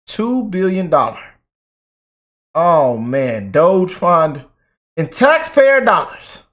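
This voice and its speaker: Fired-up high-voiced male commentator. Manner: emphatic, slangy, calls viewers family. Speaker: political commentary YouTuber.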